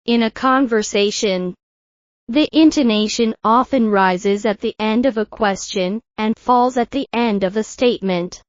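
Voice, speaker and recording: A woman teaching English pronunciation in a scripted lesson, speaking slowly and carefully over-articulating each example word. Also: medium pitch, no room sound, lo-fi sound.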